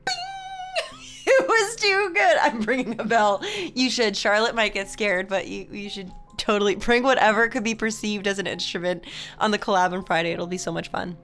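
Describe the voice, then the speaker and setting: A woman's voice: medium pitch, brisk, a bit bright, soft background music. A young woman streamer casually chatting with her viewers, telling stories with frequent laughter and reading chat aloud. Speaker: live streamer and musician.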